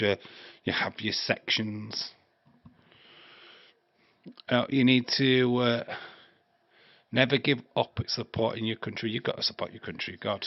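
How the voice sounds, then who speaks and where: A man's voice: fairly low pitch, no echo. Crude joking man in his fifties. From England. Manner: crude joking, rambling, laughs often. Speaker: live stream host. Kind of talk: casual live watch-along chat. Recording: dry, slightly dull stream mic.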